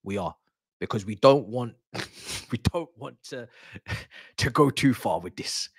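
A man hosting a live football watch-along, chatting excitedly to his viewers as a fan. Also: mid-range voice, slow, breathy edge, no room sound, clean studio sound. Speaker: football fan channel host.

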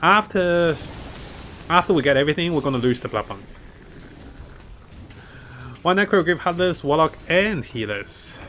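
A man's voice: a little high, lively intonation, normal speed, pauses often, bright, forceful tone, slight background noise. A man commentating his own strategy game live, chatting to viewers and laughing often. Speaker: streamer playing a strategy game.

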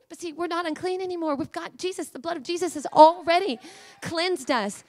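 A woman preacher with a high voice delivers an emotional sermon, moving from quiet, intimate talk to fiery declarations. The sound is dry and close, with no room echo. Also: fairly quick. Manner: passionate, emotional, swinging from hushed to fiery. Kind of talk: Pentecostal-style sermon.

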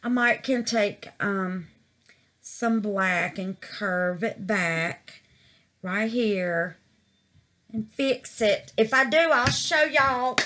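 A woman's voice: mid-range voice, extremely slow, pushed and bright, slight background noise. A woman gushing over her resin craft in a casual vlog, calling her viewers baby and y'all.

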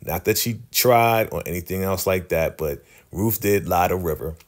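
A man giving a chatty, animated recap of a TV episode. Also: low-pitched, normal speed. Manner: chatty, animated, laughs often. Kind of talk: casual TV recap.

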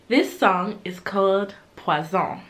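A woman's voice: mid-range voice, fairly bright tone. A young woman hosting a music reaction video, chatting casually and gushing emotionally over each song. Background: song playing in the background.

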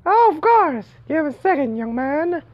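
A man voicing a meek, creepy old widow in a thin falsetto, playing along with a game's dialogue. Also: big pitch swings, measured pace, muffled recording, heavily acted. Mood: sweetly polite. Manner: pleading, politely sweet.

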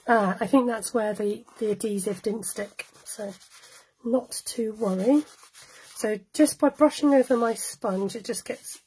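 Chatty woman demonstrating crafts, mellow higher voice. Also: measured pace, breathy edge, low-quality recording. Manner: chatty, laughs often, greets viewers by name. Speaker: cardmaking demonstrator. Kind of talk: live-streamed craft tutorial.

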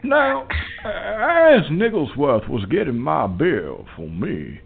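A man playing a pompous, evil old southern gentleman who calls a talk show and orders his butler around. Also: a little high, wildly swooping pitch, heavily acted. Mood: smug. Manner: drawling, pompous, slow and creaky. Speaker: caller. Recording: lo-fi phone-like sound.

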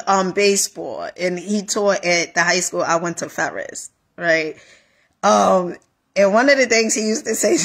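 A woman life coach giving a casual motivational talk, animated, repeating phrases and calling listeners honey. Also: mid-range voice, slightly rough.

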